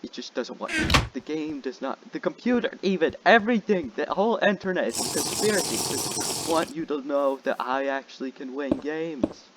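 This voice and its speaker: A young man giving casual gameplay commentary as a channel host, jokey and excitable, shouting when frustrated. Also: a little high, normal speed. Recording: loud background noise.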